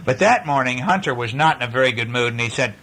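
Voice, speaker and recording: A father reads a picture book aloud to his young children, playful and animated, pausing to ask them questions. He speaks at a quick pace in a mid-range voice, and the recording is rough.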